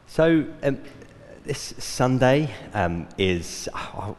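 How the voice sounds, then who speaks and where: Man, church elder, sermon, earnest, halting with fillers, echoing hall. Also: medium pitch, very animated, darkish tone, soft background music. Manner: earnest, hesitant with fillers and restarts.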